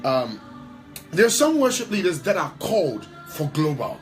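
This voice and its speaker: A man's voice: fairly high pitch, wildly swooping pitch, moderate pace, faint music behind, poor audio. A man who is a worship leader and pastor, answering in an interview with emphatic, preacher-like talk and repeating phrases for stress.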